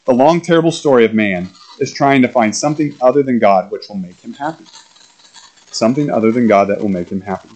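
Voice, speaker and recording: A man's voice: mid-range voice, brisk, darkish tone, dull audio. A middle-aged man, a pastor, preaching a conversational sermon with probing questions and frequent fillers.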